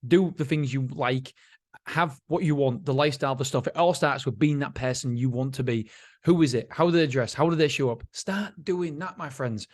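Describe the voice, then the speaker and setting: A man's voice: mid-range voice, moderate pace, darkish tone. A middle-aged man hosts his own podcast in a casual, rambling, self-mocking monologue, laughing often. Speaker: podcast host.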